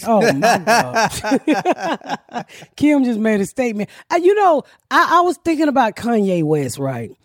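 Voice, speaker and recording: A woman's voice: on the high side, big pitch swings, moderate pace, no echo. A blunt, profane woman with a Georgia drawl spins a story on a podcast, laughing as she goes. Her voice is recorded on a dry, close microphone. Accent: Southern US (Georgia). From Georgia, USA. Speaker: podcast host. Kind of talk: casual comedic storytelling.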